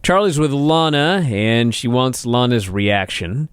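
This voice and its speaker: A man of middle pitch co-hosts a wrestling podcast, listing off the show's segments one after another with dry, wry remarks. His voice is recorded close and dry. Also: animated, unhurried, clear, resonant tone, dry recording. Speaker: podcast co-host. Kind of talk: casual wrestling recap chat.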